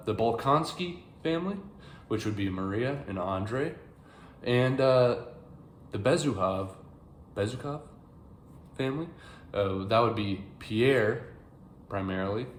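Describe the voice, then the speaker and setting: A man's voice: fairly low pitch, animated, a little slow. A young American man giving a rambling, casual book review to camera, with many fillers and restarts. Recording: echoey room, faint background hiss.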